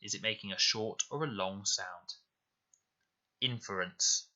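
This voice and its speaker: A man teaching a recorded spelling lesson to children, explaining slowly and clearly and repeating words with care. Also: fairly low pitch, sharp tone. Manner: slow, clear, deliberate explanations. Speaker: primary school teacher. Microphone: voice-over to slides.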